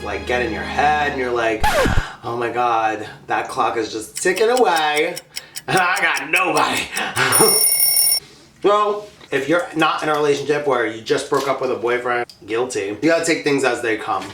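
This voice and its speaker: A man's voice: mid-range voice, a bit bright, echoey room. A man hosting a casual mukbang vlog, chatting and laughing as he eats candy. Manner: chatty, laughing, talking while eating candy. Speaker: vlogger.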